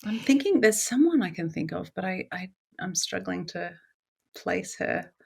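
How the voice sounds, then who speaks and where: A woman's voice: on the low side, animated, normal speed, creaky, husky. A woman co-hosting a casual podcast who asks playful, teasing questions. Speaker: podcast co-host.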